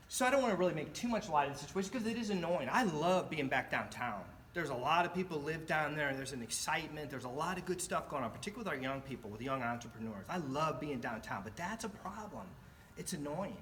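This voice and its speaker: Bright-voiced man telling a story. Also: on the high side, quick pace, slight background noise. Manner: animated, acts out quoted voices. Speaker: club speaker. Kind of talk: storytelling speech.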